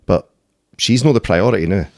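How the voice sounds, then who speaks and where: A man's voice: on the low side, normal speed, darkish tone, dry recording, clean studio sound. A man in his thirties with a Scottish accent, telling stories bluntly and swearing freely as a podcast guest. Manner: blunt, sweary storytelling with frequent "eh" and "mate". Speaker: podcast guest, MMA fighter and doorman. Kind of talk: casual conversational interview.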